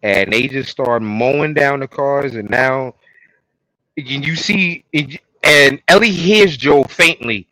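A man co-hosting a casual podcast, retelling TV episode scenes in an animated way and acting out the lines. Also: mid-range voice, slow, no room sound, poor audio. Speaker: podcast co-host. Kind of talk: casual recap chat.

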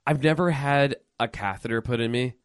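A man's voice: mid-range voice, moderate pace, smooth, no echo. A man co-hosting a casual podcast, heard on a dry, close mic. He talks in a laid-back, rambling way, full of "like" and "dude". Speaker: podcast co-host. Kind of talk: casual film discussion.

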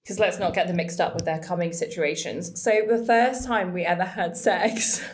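A young woman co-hosting a frank, casual chat, laughing often and acting out quoted lines. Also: fairly low pitch. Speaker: podcast co-host.

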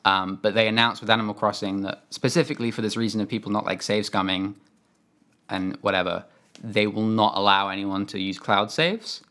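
A man's voice: on the low side, flat delivery, brisk, sharp tone. A man talking casually about video games, hesitant and full of fillers. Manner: hesitant, lots of fillers and restarts. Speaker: podcast co-host.

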